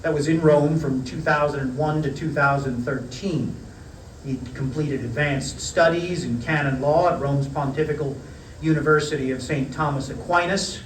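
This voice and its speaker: A middle-aged man reading a prepared lecture in a measured, wry storytelling manner. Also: fairly high pitch, steady tone, a little hiss or hum. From United States. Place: parish hall. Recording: roomy hall, mic at a distance.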